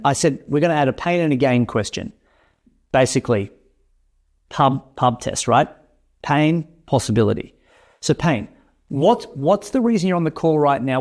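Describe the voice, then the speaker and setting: A man's voice: medium pitch, a little mellow. A man leading a sales coaching session, talking energetically and often restarting and repeating his words.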